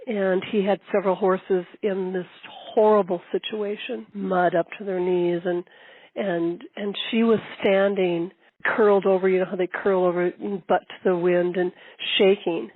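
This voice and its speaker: An older woman telling her story in a documentary interview, lively and repeating phrases for emphasis. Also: mid-range voice, moderate pace, no room sound, phone-quality sound. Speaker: long-distance horseback rider.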